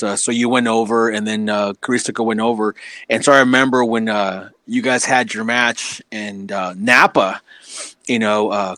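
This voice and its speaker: A man's voice: mid-range voice, no room sound. A man, a wrestling promoter, telling backstage stories in casual chat, laughing and acting out what people said. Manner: animated, laughing, acts out quotes.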